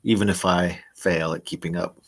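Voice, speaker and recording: A man's voice: sits low, fairly even intonation, moderate pace. A man playing a tabletop game, speaking in character earnestly and hesitantly. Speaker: player.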